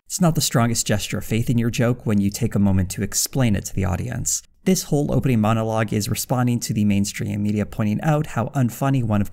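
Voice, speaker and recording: A man's voice: on the low side, vocal fry, a little mellow. A man narrating a scripted commentary video in a dry, critical manner. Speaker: video essayist.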